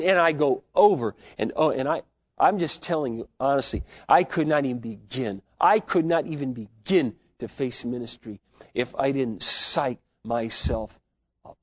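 A man preaching a sermon as pastor, swinging between loud, fervent declarations and soft, hushed asides. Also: medium pitch, animated, normal speed, dry recording. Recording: dull, lo-fi sermon recording.

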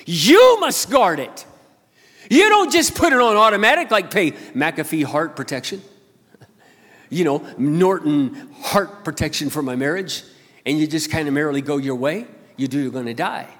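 An older man preaching a sermon as a pastor, swinging between loud emphatic bursts and quiet intimate asides. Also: fairly high pitch, lively intonation, moderate pace. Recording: long hall reverb.

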